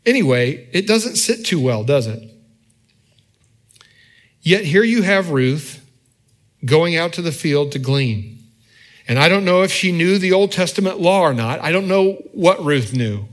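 A man's voice: fairly high pitch, animated, a little slow, pauses often. Man preaching a conversational sermon. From United States. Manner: conversational preaching, frequent "right?" asides. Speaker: pastor.

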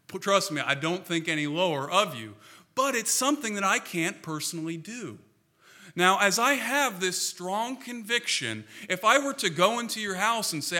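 A man's voice: sits high, lively intonation, normal speed, sharp tone. A man preaching a sermon in a church, earnest and emphatic, often asking the congregation rhetorical questions. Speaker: pastor.

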